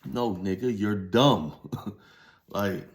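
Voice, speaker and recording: Low-voiced man, blunt and profane. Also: extremely slow. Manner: blunt and heavily profane, rising to emphatic preaching. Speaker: former inmate telling his story. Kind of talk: casual storytime monologue.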